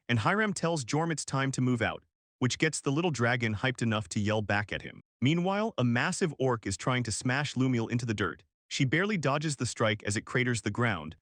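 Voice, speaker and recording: Man, recap narrator, scripted storytelling, casual slangy delivery, middle pitch. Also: fairly bright tone, dry recording, studio quality.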